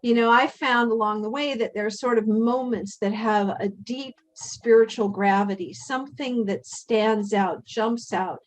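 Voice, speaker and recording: A woman hosting a spiritual workshop, speaking in a measured, earnest way and drawing the group in with questions. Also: on the high side, low-quality recording. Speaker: workshop host. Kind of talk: reflective spiritual talk.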